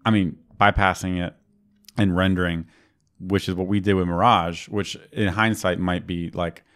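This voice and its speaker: A man's voice: low-pitched, level tone, moderate pace, fairly bright tone. A man co-hosting a podcast, talking casually and at length, with many fillers and restarts. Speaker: podcast co-host. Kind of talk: casual technical chat.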